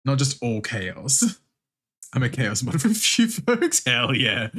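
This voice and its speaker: Laid-back Australian man, lively pitch. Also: drawn-out words, husky. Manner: laid-back, swears freely, laughs often. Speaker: art streamer. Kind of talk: casual chat with viewers while drawing.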